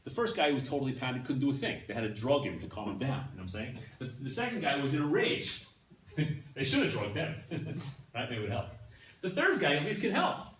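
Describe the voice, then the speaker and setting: Animated man lecturing, echoey and distant. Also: mid-range voice, fairly quick, slight background noise. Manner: animated, keeps checking in with "right?" and "yeah?". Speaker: class teacher. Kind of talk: conversational lecture to a class. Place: classroom. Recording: echoey room from a distance, faint ambience.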